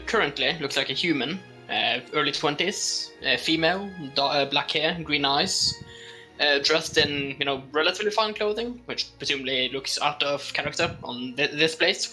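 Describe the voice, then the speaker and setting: A man in an online tabletop game talks through his character at an even, thoughtful pace. His voice is strikingly bright and sharp, a little high, with faint music under it. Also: moderate pace, low-quality recording. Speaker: player. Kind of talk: tabletop role-play chat.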